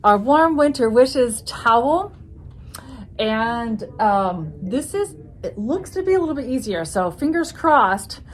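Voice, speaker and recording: A woman's voice: fairly high pitch, sing-song, slow, slight background noise. A woman co-hosting a sewing tutorial in casual chat, playful and teasing. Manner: playful, teasing, laughs often.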